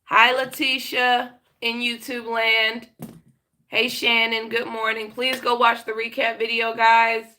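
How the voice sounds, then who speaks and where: A woman's voice: on the high side, flat delivery, slow pace, sharp tone. A woman hosting a casual live stream, blunt and swearing freely, a bit sick and talking with a slight lisp from her braces. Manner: blunt, swearing, greets chat viewers by name. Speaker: live show host.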